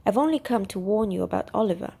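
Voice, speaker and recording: A woman voicing a nervous, tearful young woman thief in a storybook reading, talking in quick, pleading bursts. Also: medium pitch, warm tone, close to an everyday voice.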